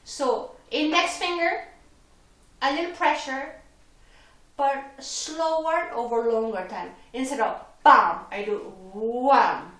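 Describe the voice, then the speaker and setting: A woman's voice: high-pitched, takes it slowly, distant mic. Roomy-sounding woman teaching violin. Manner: patient, explains step by step with small slips in wording. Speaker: violin instructor. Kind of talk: teaching a lesson with demonstrations. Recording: roomy echo, voice from off the mic, violin playing.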